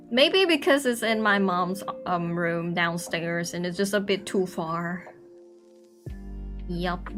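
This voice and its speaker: A young woman chatting casually on a drawing stream, rambling and self-conscious, laughing often. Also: medium pitch. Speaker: artist streamer.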